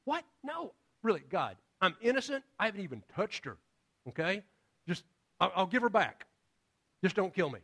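A man's voice: big pitch swings, a bit bright, heavily acted. A man voicing a frightened ancient king who pleads his innocence in a raised, anxious voice during a sermon. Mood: pleading. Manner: pleading, fast and high-pitched.

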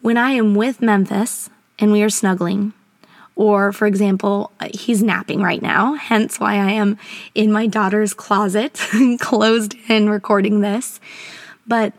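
A woman hosts her podcast in an earnest, encouraging tone. She is recorded from a small closet at home, so her voice sounds dry and close, with no room echo. Her pitch sits at an ordinary middle. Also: steady tone, measured pace. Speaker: educator and podcast host. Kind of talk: casual advice podcast.

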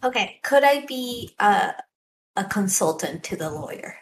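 A woman's voice: mid-range voice, animated, a little slow, a little hiss or hum. A woman playing in a tabletop game, chatting in an eager, hesitant way. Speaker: player.

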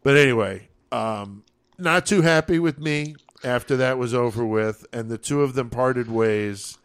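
Homem contando história, animado e boca-suja. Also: male voice, mid-range voice, measured pace, smooth. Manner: profane, animated storyteller acting out quoted voices. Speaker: podcast co-host. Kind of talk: casual storytelling chat.

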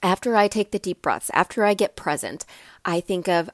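A woman in her thirties hosting a motivational podcast, with a stuffy, slightly raspy voice and an encouraging way of talking straight to her listeners. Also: fairly low pitch, expressive, normal speed, no room sound, studio quality. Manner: warm encouraging, addresses listeners directly. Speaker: podcast host.

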